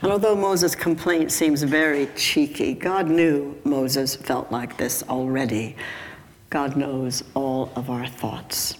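An older woman with a very deep voice preaches a sermon slowly, her intonation fairly even. She tells a joke, chuckles often, and sometimes acts out voices. The recording has hall reverb and faint background noise.

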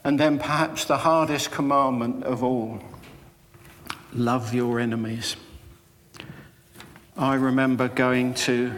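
An older man preaching a sermon, telling personal stories in a slow, unhurried way. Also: mid-range voice, a bit bright, long reverb tail, slight background noise. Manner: slow, storytelling delivery with personal anecdotes. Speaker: Methodist preacher.

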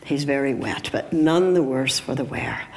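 A woman's voice: extremely low pitch, animated, normal speed. An older woman preaching a sermon, telling a joke and chuckling often, sometimes acting out voices. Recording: hall reverb with faint background noise.

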